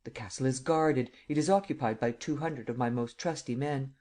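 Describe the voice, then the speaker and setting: A man voicing a commanding imperial visitor who speaks calmly and evenly, in an audiobook reading. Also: medium pitch, normal speed, natural voice. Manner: calm, even, stating rather than asking.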